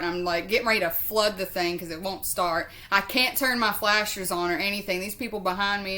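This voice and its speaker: A chatty woman recounts a story on her vlog in a loose, rambling style. She drifts off on tangents, swears freely and laughs easily, with a voice of ordinary middle pitch. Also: normal speed. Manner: chatty and expressive, laughs often. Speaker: vlogger. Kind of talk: casual storytelling to camera.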